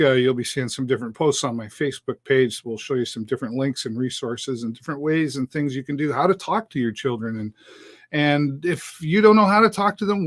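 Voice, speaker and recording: A man's voice: mid-range voice, no echo. Chatty middle-aged male host, dry sound. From Canada. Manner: chatty, upbeat, many fillers. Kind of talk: casual live show talk.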